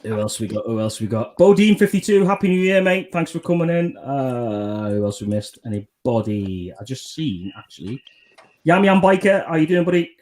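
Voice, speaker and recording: A man's voice: medium pitch, big pitch swings, moderate pace, darkish tone. A man hosting a casual live stream, greeting viewers one by one as buddy and mate. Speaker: livestream host.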